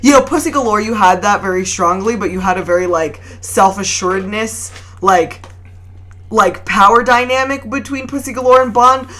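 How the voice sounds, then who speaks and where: A woman hosting a casual film podcast, animated and laughing often, with frequent swearing. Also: mid-range voice, normal speed. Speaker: podcast host.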